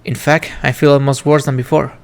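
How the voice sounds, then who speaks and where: A man's voice: mid-range voice, level tone, a little fast, vocal fry. Man reading game narration wistfully. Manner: reflective, wistful reading of first-person narration. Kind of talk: reading game text aloud. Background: faint game music.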